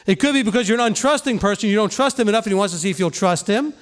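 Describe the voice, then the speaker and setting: A man's voice: high-pitched, very fast. A middle-aged man, a pastor, giving an earnest, conversational sermon and checking in with his listeners by asking "okay?".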